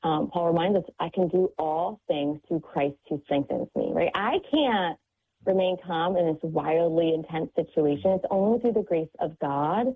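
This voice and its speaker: A woman's voice: on the low side, normal speed, husky. A woman speaking as a guest on a faith-based radio talk show, describing parenting in an earnest, reflective way with many fillers. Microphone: phone call. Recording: tinny phone line.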